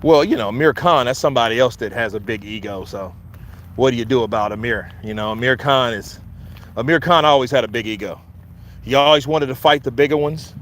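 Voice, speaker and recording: A man's voice: mid-range voice, a bit bright, a little hiss or hum. A man with a Philadelphia accent hosting casual boxing commentary, loose and joking, hyping things up with repeated chants. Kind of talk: casual live-stream chat.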